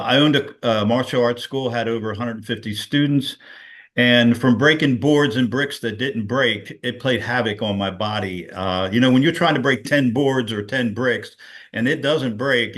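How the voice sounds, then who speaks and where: A middle-aged man recounts a personal experience over a video call, his casual testimonial meandering and full of fillers. He has a medium-pitched, slightly bright voice.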